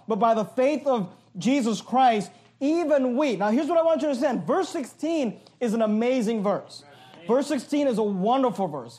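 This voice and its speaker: A man's voice: very high-pitched, darkish tone. A man preaching a verse-by-verse sermon, emphatic and pointed, often repeating and restarting his phrases.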